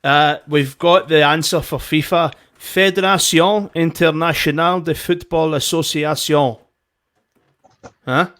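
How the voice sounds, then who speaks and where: A Glaswegian man co-hosts a web show in loose, joking banter. His voice sits a little high for a man, and he tells stories with a casual, swearing ease. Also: fairly even intonation, measured pace, a bit bright. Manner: swearing, chatty storyteller.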